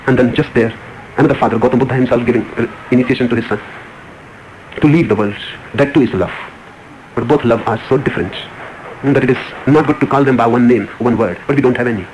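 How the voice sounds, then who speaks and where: A man's voice: mid-range voice, quick pace, pauses often, a little mellow, a little hiss or hum, low-quality recording. A man giving a spiritual discourse as a teacher, telling a story and answering questions with repeated, emphatic phrases.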